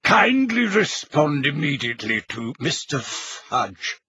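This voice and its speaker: A man's voice: on the high side, big pitch swings, slow pace, pushed and bright, breathy edge, no echo, lo-fi sound, full character voice. A man voicing an officious talking portrait.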